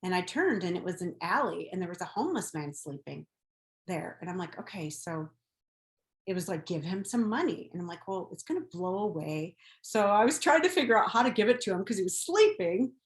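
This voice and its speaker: A woman with a slightly low voice talks earnestly and gently on her spiritual podcast. She tells personal stories at an easy pace. Her voice carries a noticeable room echo. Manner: earnest, gentle storytelling about faith. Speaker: podcast host.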